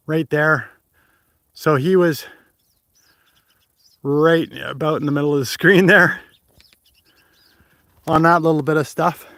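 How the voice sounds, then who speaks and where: A man's voice: a little high, steady tone, slow pace, long pauses, fairly bright tone, dry recording, studio quality. A man chatting on a livestream while hiking up a mountain trail outdoors, rambling and laughing, short of breath from the climb, talking into a phone at arm's length. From Canada. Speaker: hiking vlogger and livestream host. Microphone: phone held at arm's length.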